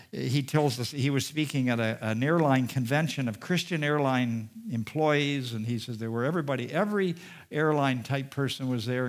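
A pastor with a medium-pitched voice reads scripture aloud during his sermon and comments on it. He swings between emphatic peaks and quiet, soft-spoken asides.

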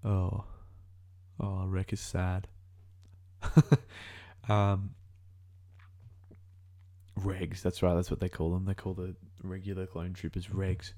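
A man's voice: low-pitched, completely flat delivery, slow, pauses often, dark tone. A man in his twenties with an Australian accent, rambling through casual reaction commentary and thinking aloud, often correcting himself mid-sentence. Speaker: video reactor.

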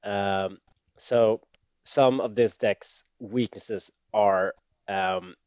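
Podcast cohost guy, low voice, casual rambling, dead dry muffled mic. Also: fairly even intonation, extremely slow, darkish tone, smooth, no room sound. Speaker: podcast co-host. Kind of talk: casual chat.

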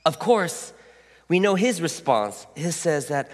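A male pastor giving a sermon in a reflective, storytelling way, his pitch rising and falling with lively swings. He often drops into soft, hushed asides, and his voice rings in a long hall reverb. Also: slow.

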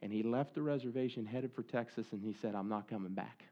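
A man's voice: lowish voice, fast, warm tone. Man, earnest storytelling sermon, conversational with restarts, slightly dull recording. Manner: conversational, earnest, many restarts and quoted dialogue. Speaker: speaker at a church service.

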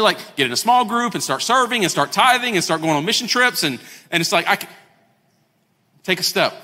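A pastor delivering a lively sermon to his congregation, acting out quoted voices and repeating words as he builds his points. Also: high-pitched. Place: church sanctuary. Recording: long hall reverb, faint music.

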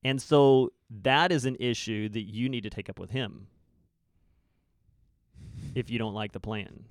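A man co-hosting a church podcast, talking earnestly and putting probing questions with emphatic pauses. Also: mid-range voice, no room sound, studio quality.

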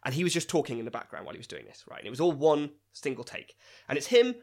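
A man with an English accent co-hosts a comedy podcast. He speaks a little high, with a swooping, animated delivery. He laughs often and slips into voices as he tells the story. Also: rapid-fire. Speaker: podcast co-host.

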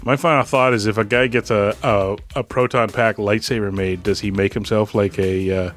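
A man's voice: lowish voice, steady tone, normal speed, a bit bright, faint music behind. A man co-hosting a podcast in casual chat, talkative and wry, laughing easily. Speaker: podcast co-host.

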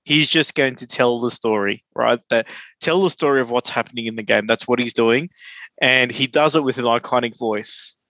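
A man co-hosts a relaxed sports podcast, working through his points earnestly as he speaks. His voice is mid-pitched, and the recording is dry and close. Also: normal speed, dry recording. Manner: earnest, filler-heavy, talks things through. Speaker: podcast co-host. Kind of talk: casual sports podcast chat.

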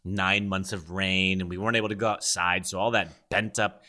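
A man co-hosting a casual podcast chat, telling animated stories with laughs. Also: low voice, brisk. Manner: animated storytelling with voices and laughs. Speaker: podcast co-host.

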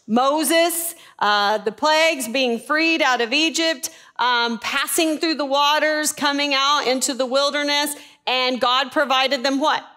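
A woman teaching a Bible lesson in a sermon style, animated and asking her listeners questions. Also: sits high, unhurried.

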